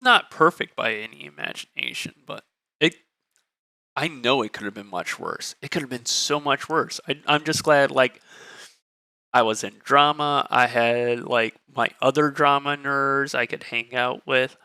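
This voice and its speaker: Bright, crisp-voiced male streamer. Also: medium pitch, unhurried, no room sound. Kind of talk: reading a dating game aloud.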